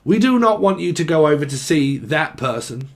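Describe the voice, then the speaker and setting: A man's voice: a little high, sing-song, moderate pace. A man giving a casual tarot reading, joking and swearing, and breaking into song now and then. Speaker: tarot reader.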